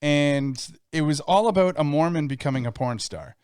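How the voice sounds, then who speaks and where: A man with a smooth, resonant voice sitting slightly high tells stories in a casual podcast chat and acts out the lines he quotes. He is recorded close up on a dry mic with no room sound. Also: normal speed, darkish tone, no echo. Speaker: podcast co-host.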